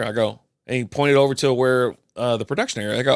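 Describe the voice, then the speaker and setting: A man's voice: mid-range voice, fast, hardly any pauses, dry recording, studio quality. A man hosting a podcast, chatting casually over a beer and telling rambling, profane stories. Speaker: podcast host.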